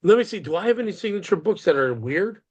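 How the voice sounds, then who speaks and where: A man's voice: sits high, lively intonation, fast talker. A man hosting a comics podcast, chatting in a rambling, enthusiastic way and swearing casually. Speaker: podcast host. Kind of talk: casual chat.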